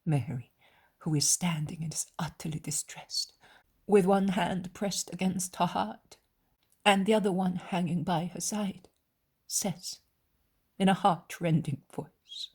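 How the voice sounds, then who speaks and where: A woman narrating an audiobook in a hushed, slow, solemn whisper. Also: lowish voice, steady tone, breathy edge.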